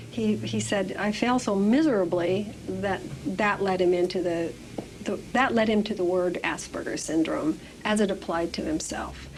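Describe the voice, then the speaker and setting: A woman recounts a home story in an interview, often stopping and repeating her words. Her voice is middle in pitch, with faint background hiss. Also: poor audio. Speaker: interviewee, a scientist's wife.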